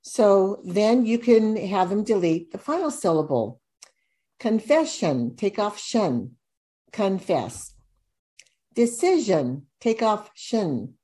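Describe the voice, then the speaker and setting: A woman tutor walks through reading drills at an unhurried pace. She speaks deliberately, sounding out each syllable with care. Her pitch sits in a middle range. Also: darkish tone. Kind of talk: instructional demonstration.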